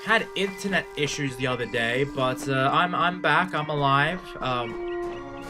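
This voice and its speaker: A young Australian man talks to his stream chat as he plays, rambling and swearing freely, his pitch jumping up whenever he gets worked up. Game music plays clearly behind his voice. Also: measured pace. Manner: rambling, profane, excitable, chatting to viewers while playing. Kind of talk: casual live-stream chat.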